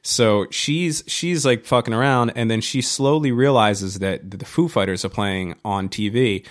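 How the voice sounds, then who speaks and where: A man's voice: on the low side, normal speed. Rambling, cursing man telling a story. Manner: rambling, profane, many restarts and fillers. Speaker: podcast co-host. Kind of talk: casual storytelling chat.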